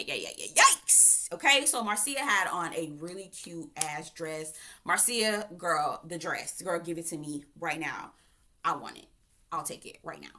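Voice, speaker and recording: A woman from Florida reviewing a reality TV show in a casual, animated rant, often going off on tangents. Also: lowish voice. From Florida, USA. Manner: chatty, animated, goes off on tangents, frequent laughter.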